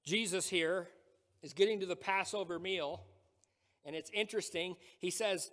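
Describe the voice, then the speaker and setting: A man with a notably high voice delivers a sermon from the pulpit. He hammers home his points by repeating phrases. The sound carries a long reverberation through the church sanctuary. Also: normal speed, fairly bright tone. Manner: emphatic preaching with repeated phrases. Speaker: pastor.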